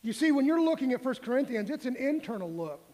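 High-voiced preacher in a reverberant church. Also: male voice, very animated, fast, darkish tone. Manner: earnest, questioning, plain-spoken. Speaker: pastor. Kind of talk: sermon. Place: church sanctuary. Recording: long hall reverb.

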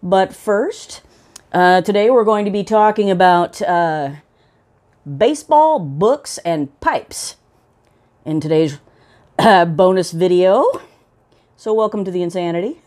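Lady pipe vlogger chatting to camera, bit low-voiced, lots of ums and uhs, pokes fun at herself. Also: slow pace, long pauses, darkish tone. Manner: rambling and self-mocking, many fillers. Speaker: pipe-smoking vlog host. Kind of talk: casual chat to camera.

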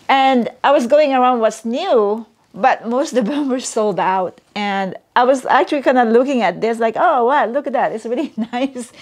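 Woman vlogger, unhurried, high-ish voice, excitable and giggly, casual unboxing chat.

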